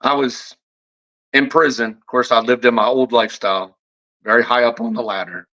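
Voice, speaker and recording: A brash, bright-toned man ranting straight to camera and swearing constantly, his words tripping over each other as he gets heated. The audio is dull and lo-fi. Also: mid-range voice, steady tone, moderate pace. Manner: profane, combative, heavy swearing; repeats and restarts words when heated. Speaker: fragrance reviewer. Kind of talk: off-the-cuff vlog rant.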